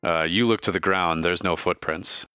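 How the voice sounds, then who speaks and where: A man narrating as game master of a tabletop game, relaxed and casual, with frequent fillers. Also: low voice, moderate pace, clear, resonant tone, dry recording, faint music behind.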